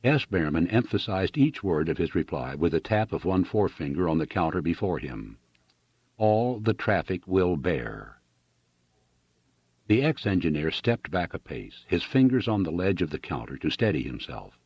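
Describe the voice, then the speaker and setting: A man reading a novel aloud as an audiobook narrator, in an expressive, dramatic style. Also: deep voice, fairly quick, few pauses, husky, no echo, dull audio. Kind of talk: scripted narration.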